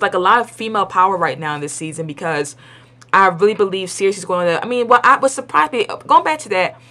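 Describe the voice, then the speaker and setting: A young woman talks through an episode review from her home in a loose, rambling way, with plenty of "like" and restarts. She is blunt and opinionated and uses colloquial phrasing. Her voice sits at an ordinary middle pitch. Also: sharp tone. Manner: chatty and rambling, full of "like" and restarts. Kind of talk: casual spoken review.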